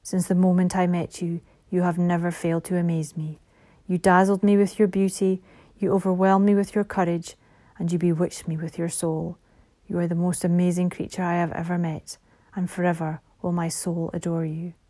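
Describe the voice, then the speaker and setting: A woman's voice: fairly low pitch, flat delivery, normal speed, mellow, no echo, natural voice. A woman voicing a fierce winged warrior prince. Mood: adoring. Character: winged young male warrior heir, fierce and devoted. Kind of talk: audiobook character voice.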